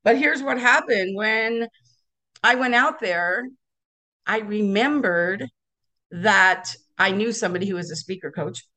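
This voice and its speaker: Bright-voiced woman telling stories animatedly. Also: medium pitch, a little slow. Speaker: guest speaker. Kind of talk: casual interview storytelling.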